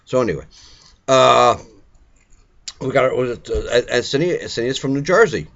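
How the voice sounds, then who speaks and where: An older man rambles and cracks jokes in a casual home video. His voice sits at an ordinary pitch. The recording is a bit dull and lo-fi. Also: animated, moderate pace, creaky, a bit bright. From Brooklyn, New York. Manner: joking, teasing, rambling banter. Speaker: vlogger.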